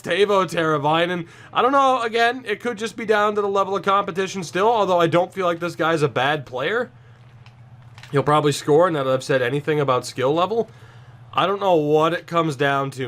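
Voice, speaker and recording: A tired man talking through his hockey video game, voice sitting a little high. He's dry and sarcastic, then suddenly bursts out with excitement or groans over the play. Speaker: gaming YouTuber. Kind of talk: casual gameplay commentary.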